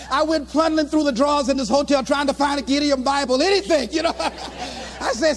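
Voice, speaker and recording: Over a noisy background, a man delivers a motivational speech to a live crowd, his voice very high-pitched and a little fast. Animated in his storytelling, he shouts out his own acted lines.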